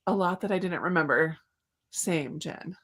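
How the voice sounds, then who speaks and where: A woman's voice: fairly low pitch, moderate pace, a bit bright. A woman hosting a live book discussion over a video call, welcoming viewers in an eager, chatty way with plenty of fillers. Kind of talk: casual live-stream chat.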